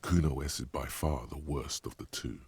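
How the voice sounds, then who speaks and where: A deep, gravelly game narrator. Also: male voice, a little mellow, dry recording, full character voice. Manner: measured, solemn, advising in second person.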